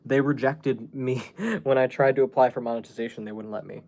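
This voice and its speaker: Guy rambling on his livestream at home, lots of ums, average pitch. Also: steady tone, brisk, darkish tone. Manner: rambling, many fillers and restarts. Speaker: YouTube livestream host. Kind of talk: casual livestream chat.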